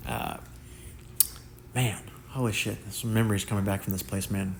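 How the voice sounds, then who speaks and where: A man's voice: fairly low pitch, normal speed, creaky, noisy background. A young man telling wild personal stories in a casual, slangy monologue. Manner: slangy, animated, acts out quotes in shifting voices. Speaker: content creator telling life stories.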